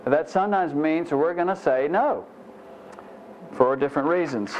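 A man's voice: a little high, a little slow, a little mellow, slight background noise. A man preaching a conversational Bible teaching sermon, folksy and self-deprecating, with frequent "you know" asides. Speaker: pastor. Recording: muffled lo-fi sermon recording.

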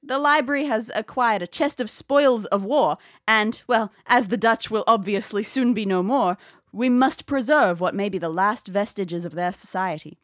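A woman's voice: mid-range voice, moderate pace, fairly bright tone, no room sound, studio quality, lightly acted. A woman voicing a trapped seventeenth-century woman scholar who speaks formally, in an old accent somewhere between English and American, and sounds muffled through a door. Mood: earnest. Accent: 1600s mix of English and American. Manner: old-fashioned, formal, urgent pleading.

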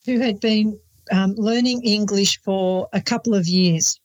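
A woman's voice: medium pitch, fairly even intonation, unhurried, highs cut off. Australian woman explaining slang. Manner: explanatory, telling anecdotes. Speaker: podcast co-host. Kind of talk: casual chat.

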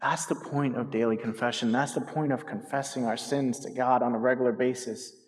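In a church sanctuary with hall reverb, a pastor in his thirties preaches briskly in a husky, steady, medium-pitched voice. He tells stories animatedly and addresses the congregation directly.

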